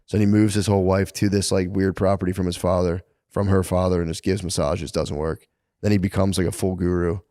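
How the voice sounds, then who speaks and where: A man on a podcast rattles through a long story at a rapid clip, peppering it with "like" and swearing freely. His voice sits a little low, and the sound is close and dry with no room echo. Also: little pitch movement, mellow. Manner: rambling storyteller, heavy filler "like", profane. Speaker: podcast co-host. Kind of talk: casual chat.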